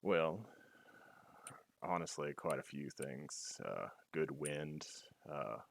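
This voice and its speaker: A man's voice: very deep voice, expressive, slow pace, creaky, a little hiss or hum. A man playing a tabletop game, joking and swearing as he describes what his character does. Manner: joking, profane, cocky. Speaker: player. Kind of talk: casual tabletop game chat.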